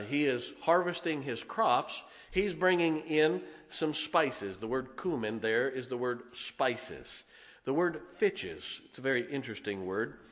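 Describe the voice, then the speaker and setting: A man's voice: mid-range voice, fairly bright tone. A man preaching a sermon in a folksy, conversational way as pastor, demonstrating points with props. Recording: long hall reverb.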